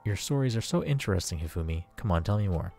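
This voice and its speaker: Man voicing a pleading, melodramatic young otaku, deep-voiced, faint game music under. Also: lively intonation, fast talker, vocal fry, a little mellow.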